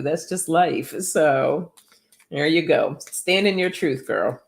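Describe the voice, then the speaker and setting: A woman's voice: low-pitched, very slow, creaky, long pauses. A woman giving casual oracle card readings to viewers by name, chatty and upbeat, laughing often.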